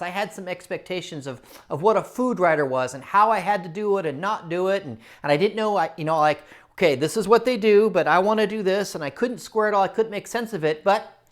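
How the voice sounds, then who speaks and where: A man telling his own story to camera in a casual, animated way, repeating phrases for emphasis. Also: high-pitched. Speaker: culinary storyteller and writer.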